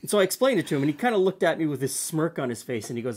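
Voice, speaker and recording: A man's voice: a little high, racing, husky. Easygoing man hosting a tasting. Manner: relaxed, explanatory, plain-spoken. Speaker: cooking show host. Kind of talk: casual tasting chat. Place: home studio kitchen.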